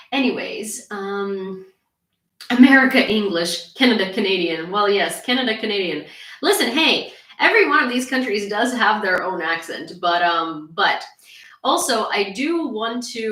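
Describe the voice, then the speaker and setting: A woman's voice: medium pitch, a bit bright, reverberant, far from the mic, rough recording. A woman from Ukraine hosting a casual news livestream, talking bluntly and sarcastically and answering chat comments. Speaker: independent news streamer.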